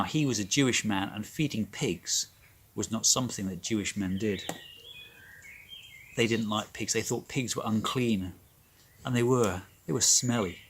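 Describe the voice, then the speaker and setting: A man leading a children's club, telling a Bible story in an animated, emphatic way. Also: fairly low pitch, slight background noise.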